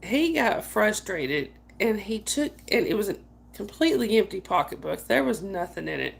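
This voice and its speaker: Chatty woman with a creaky voice. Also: medium pitch, very animated, normal speed. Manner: chatty, laughs often, addresses viewers by name. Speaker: livestream host. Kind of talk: casual storytelling chat.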